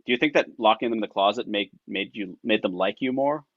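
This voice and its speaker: A man's voice: fairly low pitch, fast, no echo, phone-quality sound. A man improvising a comedy scene, incredulous and teasing, blunt and profane. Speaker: improv performer.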